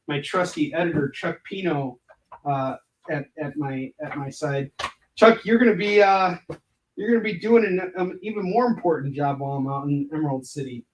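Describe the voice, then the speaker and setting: A man who makes comics chats on a livestream while prepping stock indoors for a convention, packing books and joking and rambling with viewers between tasks. His voice leans high, and he's far from the mic with slight background noise.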